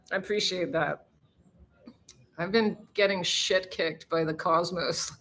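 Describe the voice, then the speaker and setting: A woman's voice: lowish voice, takes it slowly, pauses often, slight background noise. A woman hosting a casual live stream, chatting with viewers and laughing, who swears freely.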